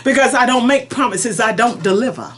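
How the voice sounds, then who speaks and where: Speaking as God in a prophetic message, a woman preacher pleads with emphasis, moving between soft and forceful tones. Her fairly high voice is animated and a little fast.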